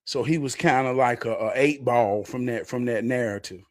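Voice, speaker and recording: A man on a casual talk show recalling an old friend in an earnest, halting way. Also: mid-range voice, no room sound, clean studio sound. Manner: earnest, halting, restarts when telling a story. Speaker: podcast co-host. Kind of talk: casual storytelling.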